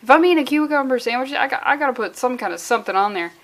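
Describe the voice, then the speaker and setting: A woman's voice: high voice, lively intonation, very fast. A woman casually reviewing a comic book, rambling and profane, with lots of jokey asides.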